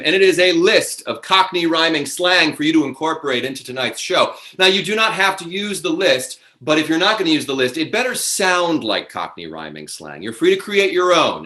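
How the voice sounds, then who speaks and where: A man's voice: fairly high pitch, sharp tone, reverberant. A man hosting a live online improv comedy show, announcing the cast and rules with upbeat, theatrical patter over a video call.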